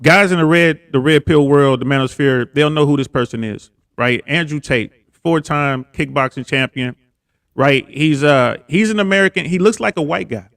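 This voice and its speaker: A man with a notably high voice makes his case on a live call-in show. He talks emphatically, circles back over his points and keeps checking in with "right?". The sound is dry with little room. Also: moderate pace, vocal fry, fairly bright tone, dry recording. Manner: emphatic, repeats himself, tags points with "right?". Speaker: guest caller on a live show.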